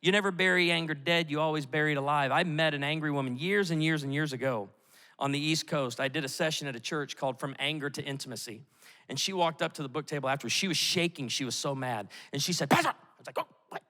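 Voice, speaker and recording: Animated male pastor in a reverberant hall. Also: fairly high pitch. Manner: animated storytelling with quick asides. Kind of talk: sermon. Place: church auditorium. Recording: echoey hall with long reverb.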